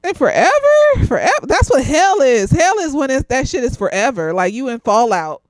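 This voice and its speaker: Animated tipsy woman reviewing TV. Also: sits high, moderate pace, no echo. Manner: animated, laughing often, swearing. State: slightly tipsy. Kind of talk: casual TV review.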